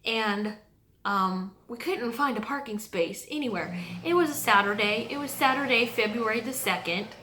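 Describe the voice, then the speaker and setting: A woman vlogger sharing a personal faith testimony from her home basement, earnest and halting, with many pauses and restarts. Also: a little high, sharp tone, slight background noise. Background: washing machine running.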